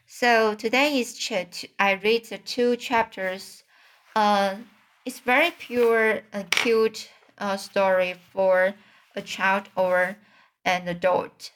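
A woman reading a storybook aloud, careful and halting, with slips and restarts. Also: medium pitch, fairly even intonation, a bit bright, slight background noise. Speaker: reader. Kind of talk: audiobook reading practice.

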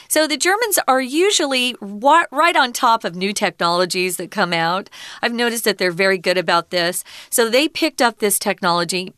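Female English teacher, casual lesson, clear resonant tone, unhurried explanations. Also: mid-range voice, fairly bright tone, dry recording, studio quality. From Arizona, USA. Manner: explains words slowly, chatty asides. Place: lives in Taiwan.

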